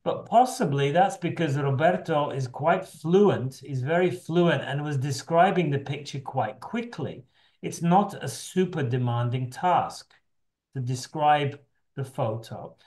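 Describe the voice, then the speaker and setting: A man's voice: a little high, measured pace, darkish tone. A middle-aged man leading an online teacher training session, talking loosely with frequent restarts over a video call. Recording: echoey room on a video call.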